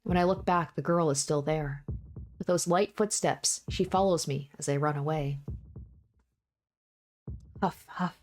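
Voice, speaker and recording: A woman's voice: low voice, normal speed. A woman reading a visual novel aloud in the first person, with an intense delivery that acts out panting breaths and repeated desperate cries. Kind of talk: dramatic first-person story reading with asides.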